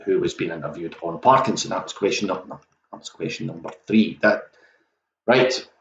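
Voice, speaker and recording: A man's voice: low-pitched, moderate pace, vocal fry, fairly bright tone, reverberant, muffled recording, a little hiss or hum. A man hosting an online pub quiz, chatty and self-mocking, talking straight to the viewers.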